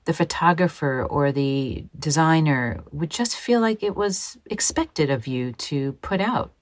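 A woman telling her own story in an interview, speaking softly and haltingly and often dropping to a hushed near-whisper. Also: low voice, expressive, low-quality recording. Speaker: interview guest, model.

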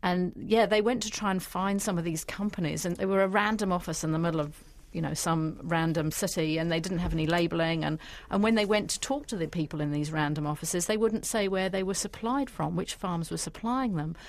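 A woman's voice: fairly low pitch, fairly quick, few pauses. A woman journalist, talking animatedly in a radio interview. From New Zealand.

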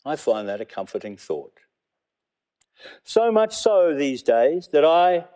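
A man in his fifties with a New Zealand accent, reading his own memoir in a measured, reflective way and weaving in Māori phrases. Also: medium pitch, mellow. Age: 50s. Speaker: memoir narrator.

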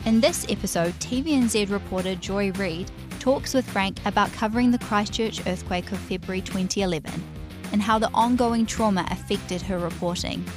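A woman reading a polished, scripted episode introduction. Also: mid-range voice. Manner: polished, measured. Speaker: announcer. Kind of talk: scripted narration. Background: music.

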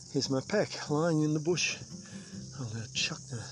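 Over music, a slightly high male voice speaks at a measured pace. He's a New Zealand vlogger hiking a long bush trail, chatting casually and self-mockingly to the camera with a little mild swearing, while outdoor noise and insects carry on in the background.

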